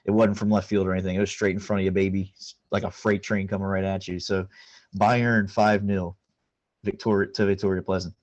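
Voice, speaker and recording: A male co-host chats casually about soccer in a somewhat low voice. He jokes in a folksy, drawling way with easy fillers. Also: level tone, brisk, no echo, lo-fi sound. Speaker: podcast co-host. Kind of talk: casual chat.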